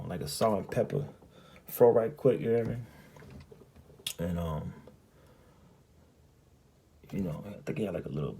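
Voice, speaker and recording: A man's voice: low-pitched, creaky, dark tone, a little hiss or hum. A man from New Orleans with a New Orleans accent, telling a personal story to camera in a loose, profane way, packed with "you know" and "you hear me".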